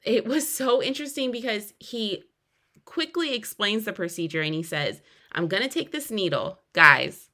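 A woman's voice: mid-range voice, sharp tone. A young woman hosting a podcast, telling her own story earnestly, with sudden emphatic rises. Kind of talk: personal storytelling.

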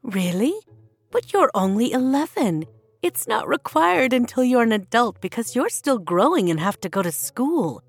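A woman voicing a proud, gentle queen mother who reassures her daughter. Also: fairly high pitch, big pitch swings, moderate pace, no room sound, soft background music, voice pushed up.

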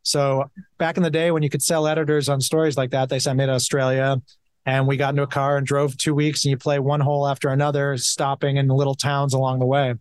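A man telling golf travel anecdotes in a casual interview, rambling and animated. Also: mid-range voice, fast, smooth, no room sound, clean studio sound. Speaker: golf writer guest.

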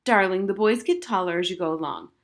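A woman doing a calm, dry father. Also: mid-range voice, fast talker, natural voice.

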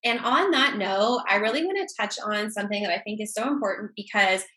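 A woman's voice: mid-range voice, brisk, bright, forceful tone. A woman co-hosting a group call, talking in a casual, heartfelt and emotional way.

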